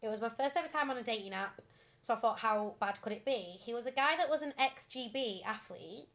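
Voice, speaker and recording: A young woman co-hosting a podcast, retelling listener stories in a casual, animated way with lots of fillers and giggles. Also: fairly high pitch, a little fast. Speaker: podcast co-host.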